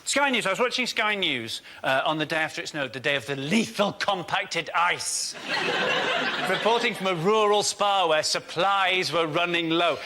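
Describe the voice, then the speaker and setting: High-voiced man ranting for laughs. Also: normal speed, background noise. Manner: animated, mock-panicked voices in quotes. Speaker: comedy panellist. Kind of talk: stand-up style topical rant.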